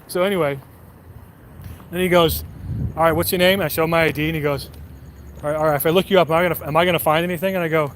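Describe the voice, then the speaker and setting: A man streaming from his phone while out walking, telling a rambling, profane story with animated quoted voices. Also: a little high, fast, long pauses, slight background noise.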